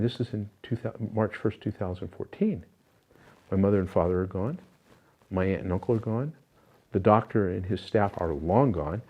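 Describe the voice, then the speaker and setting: A man's voice: fairly low pitch, slightly rough, muffled recording. An older man being interviewed, recounting personal spiritual experiences in an earnest, reflective way, with many fillers and restarts. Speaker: interview guest.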